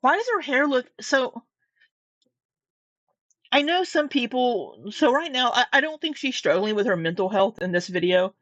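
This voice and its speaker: A woman's voice: on the high side, expressive, normal speed, a bit bright, no room sound, highs cut off. A woman from Southwest Missouri with a Midwestern American accent, rambling casually through reaction commentary, with restarts and swearing. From Southwest Missouri, USA. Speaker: commentary vlogger. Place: home room at her desk. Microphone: camera mic close up.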